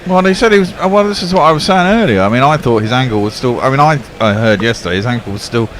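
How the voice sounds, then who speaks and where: A man chatting as co-commentator on a cricket stream, reacting bluntly and quickly. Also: medium pitch, fairly bright tone. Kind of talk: casual commentary chat. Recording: faint background noise.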